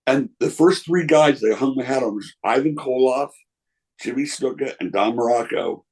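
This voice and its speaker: An older man who once promoted wrestling answers interview questions candidly, telling anecdotes and quoting others in their voices. He speaks at a moderate pace with a medium pitch, lively intonation, a darkish tone and a breathy edge, on a rough recording.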